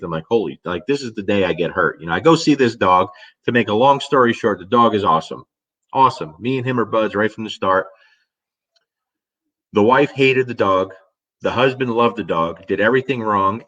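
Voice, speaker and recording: Middle-aged dog trainer guy, kinda low voice, lively storytelling, drops a swear here and there. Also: highs cut off. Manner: animated storyteller, swears casually, acts out his own reactions. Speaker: dog trainer answering viewer questions. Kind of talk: casual storytelling Q&A.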